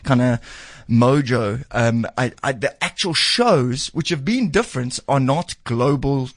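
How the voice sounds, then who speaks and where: Comedian guest, earnest, halting restarts, dry studio sound. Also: male voice, mid-range voice, animated, no room sound. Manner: earnest, quick restarts, promotional. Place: radio studio.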